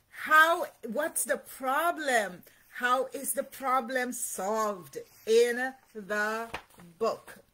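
A woman's voice: sits high, bright, forceful tone. A woman leading a children's read-aloud, giving parents encouraging, teacherly tips. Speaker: early childhood educator.

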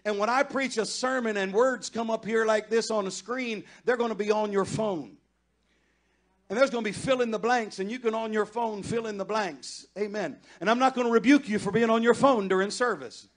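A man preaching a sermon as pastor of a church, moving from easy conversational talk to loud, impassioned pleading. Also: high-pitched, moderate pace. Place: church sanctuary.

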